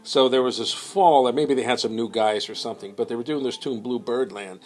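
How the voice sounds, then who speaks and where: A man telling a rambling story in a casual, unhurried way, full of ums and uhs. His pitch sits in an ordinary middle range. Faint music plays behind him. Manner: rambling, with many fillers and quoted voices.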